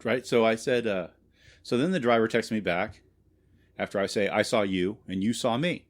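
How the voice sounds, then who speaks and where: Guy with a lowish voice rambling thru a cussing story, cracks himself up laughing a lot. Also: normal speed. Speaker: podcast co-host. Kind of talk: casual chat.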